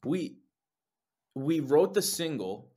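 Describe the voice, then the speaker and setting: A man's voice: on the high side, takes it slowly, breathy edge. Swearing young man telling stories. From New Jersey. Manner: animated storytelling, swears, acts out quotes. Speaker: lead singer, guest. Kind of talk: casual podcast chat.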